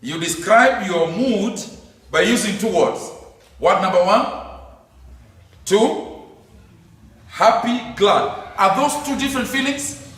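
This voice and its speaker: A man's voice: sits high, slow pace, long pauses, fairly bright tone. A man giving an emphatic Bible teaching lecture, asking his listeners many rhetorical questions. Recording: very echoey room, mic at a distance.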